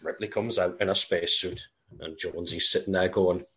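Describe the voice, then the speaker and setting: A man's voice: sits low, steady tone, fairly quick, fairly bright tone, lo-fi sound. A man telling a film story as a comic, profane rant, full of put-on voices.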